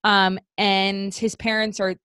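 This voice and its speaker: A woman in casual podcast chat, chatty and quick to laugh, retelling a film's scenes. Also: mid-range voice, little pitch movement, fairly bright tone, clean tone, no room sound, clean studio sound. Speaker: podcast co-host. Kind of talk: casual movie recap chat.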